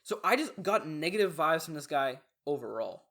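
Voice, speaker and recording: Young man, podcast co-host, casual rambling chat, slightly high voice, many fillers. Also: big pitch swings, normal speed, sharp tone. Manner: rambling storyteller, lots of fillers and restarts.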